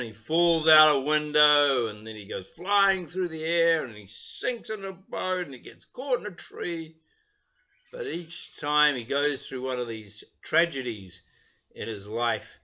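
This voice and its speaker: An older man, a minister, giving a chatty children's talk from his home porch, pausing often with little fillers. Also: mid-range voice, lo-fi sound. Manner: warm, chatty, halting with fillers. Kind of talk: children's talk with storybook reading.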